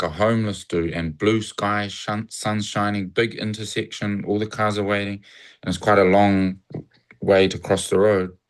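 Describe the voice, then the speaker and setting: A man's low, smooth voice carries a New Zealand accent as he talks casually as an interview guest. Reflective and rambling, he is from New Zealand and acts out cheerful greetings.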